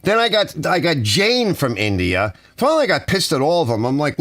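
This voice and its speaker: Man, from the US, ranting, exasperated, lively swings in pitch, dry studio sound. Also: moderate pace, few pauses, no room sound. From United States. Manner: exasperated, animated complaining with softened swearing. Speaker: channel host. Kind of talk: ranting casual monologue. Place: home garage studio.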